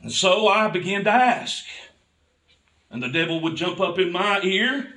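Fervent preacher, bright voice. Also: male voice, high voice, sing-song, a little slow, distant mic. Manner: impassioned storytelling, building to fervent cries. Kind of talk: sermon testimony.

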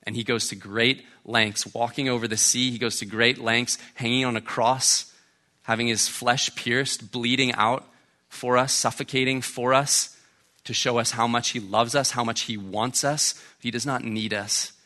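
Bright-voiced male pastor preaching. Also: mid-range voice, fairly even intonation, unhurried. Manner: conversational, keeps asking "right?". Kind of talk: sermon.

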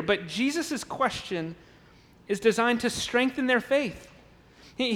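A man's voice: extremely high pitch, a bit bright, in a large hall. A man preaching a sermon in a church, emphatic and repeating words as he builds his points, now and then acting out the crowd's voices. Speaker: pastor. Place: church sanctuary.

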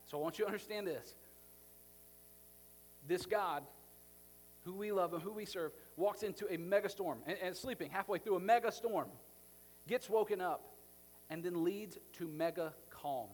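A man, a pastor, preaching a sermon in a conversational, animated way, acting out the scenes he describes. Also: high voice, moderate pace, pauses often.

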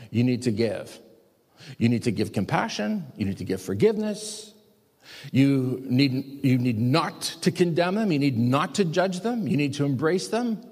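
A man's voice: medium pitch, darkish tone, husky. A male pastor preaching a sermon, raising his voice for emphatic commands and quoting scripture. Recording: long hall reverb.

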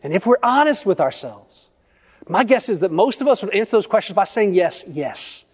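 A male pastor preaching a sermon, telling stories in a measured way and putting questions to the congregation. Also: sits high, sing-song, husky. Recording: echoey church hall, dull lo-fi sound.

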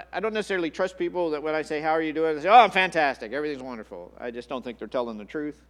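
A man's voice: mid-range voice, big-room sound. A man preaching a sermon as a pastor, earnest, often repeating and restarting his words. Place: church sanctuary.

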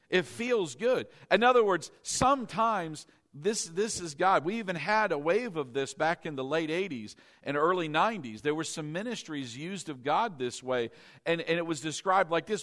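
A man preaching a sermon as pastor, animated, breaking into laughter and acting out voices. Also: a little high.

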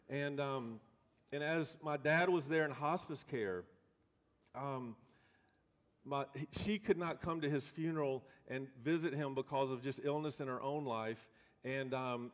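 Folksy preacher guy telling a story from the pulpit, big echoey church. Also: mid-range voice. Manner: animated, folksy, many restarts. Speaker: pastor. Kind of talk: storytelling sermon. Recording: long reverb of a church hall.

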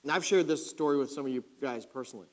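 A man's voice: medium pitch, fast. A man, preaching and telling a story from his own life, asking the congregation questions directly. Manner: animated, talks to the congregation directly. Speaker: pastor. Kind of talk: sermon storytelling. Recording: long hall reverb.

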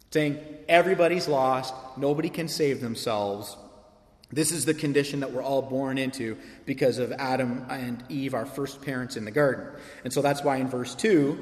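A man preaching a sermon as pastor, conversational and emphatic, with rhetorical questions to the congregation. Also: on the high side. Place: church sanctuary. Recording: echoey hall reverb.

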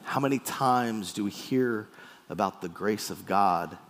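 A man preaching a sermon with playful, animated storytelling in a church hall. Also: fairly low pitch, a little slow, a little hiss or hum. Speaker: pastor. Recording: echoey hall.

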